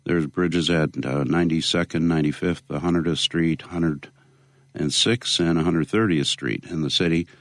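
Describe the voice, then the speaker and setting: A man being interviewed, speaking in a measured way with many pauses and fillers. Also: extremely low pitch, fairly even intonation, no room sound, studio quality. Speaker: interview guest, local activist. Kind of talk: conversational interview.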